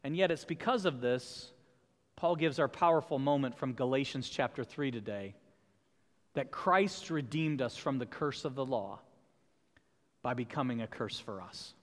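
A man's voice: mid-range voice, moderate pace. A man pastor preaching a sermon in a church, building emphatic repeated refrains. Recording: long hall reverb.

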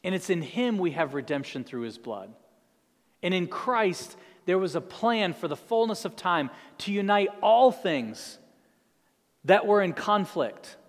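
A man's voice: high voice, in a large hall. A man preaching a sermon as a pastor, telling a story earnestly.

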